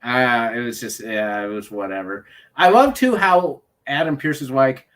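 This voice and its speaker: A man co-hosting a casual podcast chat, wry and animated as he tells his take. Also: mid-range voice, moderate pace, hardly any pauses. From Canada. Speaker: podcast co-host.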